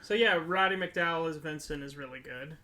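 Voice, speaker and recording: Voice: medium pitch, a little fast, bright, forceful tone. Podcast cohost joking around about a movie, laughs easy, laid back chat. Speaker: podcast co-host. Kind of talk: casual movie review chat.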